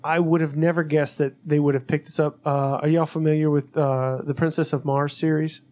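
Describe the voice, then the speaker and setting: A man in casual podcast chat, talking excitedly about films and books and acting out the voices in his stories. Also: a little high, fairly quick. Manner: animated, swearing, acts out quoted voices. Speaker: podcast co-host.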